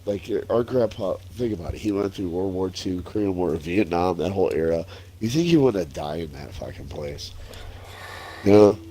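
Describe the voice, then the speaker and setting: A man's voice: sits low, lively intonation, moderate pace, dark tone, breathy edge. A man in his forties chatting casually while gaming, telling stories with lots of swearing and laughter. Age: 40s. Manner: profane, laughing storyteller. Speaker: streamer.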